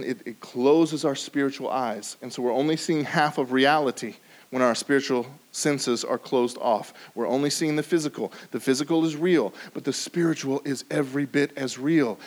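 Pastor, male, slightly high voice, preaching in swells from hushed to loud. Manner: preaching with sudden rises in pitch and volume; drops to a quiet low voice for emphasis. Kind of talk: sermon.

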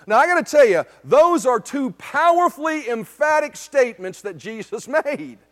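High-pitched man preaching emphatically. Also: big pitch swings, moderate pace, hardly any pauses, a bit bright. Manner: emphatic, with frequent rhetorical "right?" checks. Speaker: pastor. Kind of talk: sermon. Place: church service.

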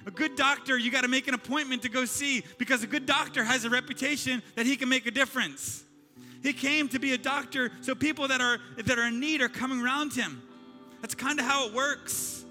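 A man preaching a sermon in an animated, conversational way, acting out quotes. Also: extremely high pitch, brisk, big-room sound, soft background music. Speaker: pastor.

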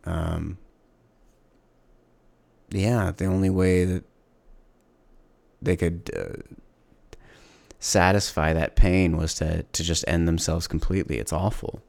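A man hosting his own solo podcast, talking candidly and reflectively, pausing and restarting often. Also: low-pitched, little pitch movement, creaky, darkish tone, dry recording. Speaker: podcast host. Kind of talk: casual solo podcast monologue.

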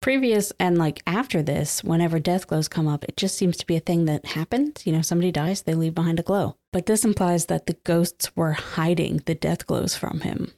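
Lower-voiced woman chatting about books. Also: normal speed, few pauses, mellow. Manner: enthusiastic, laughs often, reads passages aloud. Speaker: podcast co-host. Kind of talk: casual book-club chat.

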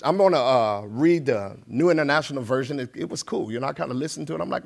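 Middle-aged guy preaching in a church, easygoing and chatty, gets more forceful reading the bible. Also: mid-range voice, animated, fast talker, creaky, hardly any pauses. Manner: conversational, plainspoken, grows more emphatic while reading scripture. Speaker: guest preacher. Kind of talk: sermon with prayer and scripture reading. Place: church sanctuary.

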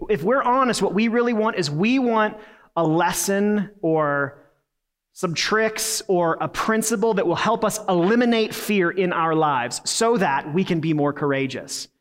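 A man preaching a sermon in an earnest, conversational way, with casual fillers and restarts. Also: sits high. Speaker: pastor.

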